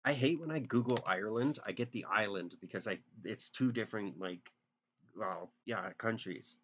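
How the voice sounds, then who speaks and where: A man's voice: lowish voice, moderate pace, fairly bright tone, lo-fi sound, a little hiss or hum. A man casually chatting with viewers while drawing on a live stream, joking and thinking aloud in a self-deprecating way.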